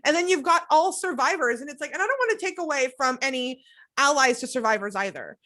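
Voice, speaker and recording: High-pitched woman hosting a podcast, gushing and heartfelt, real casual chat. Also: animated, fast talker, sharp tone. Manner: effusive, heartfelt, openly emotional. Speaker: podcast host. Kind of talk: conversational interview.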